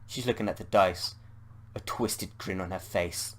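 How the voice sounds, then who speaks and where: British man reading a text adventure game aloud as a gamer, slightly low voice, playful, swears at slips. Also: measured pace, fairly bright tone. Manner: playful, swears at slip-ups.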